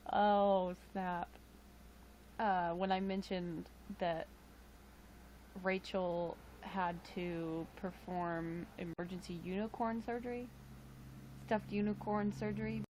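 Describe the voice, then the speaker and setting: A woman's voice: mid-range voice, a little mellow, slight background noise. A tired woman chatting casually with live-stream viewers, rambling with frequent chuckles and fillers into a webcam mic. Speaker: livestream host.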